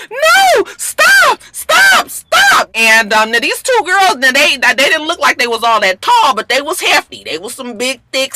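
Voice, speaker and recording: A woman hosting a celebrity gossip show, talking bluntly and casually with plenty of slang and swearing, moving from somber news to excited retelling. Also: mid-range voice, dry recording.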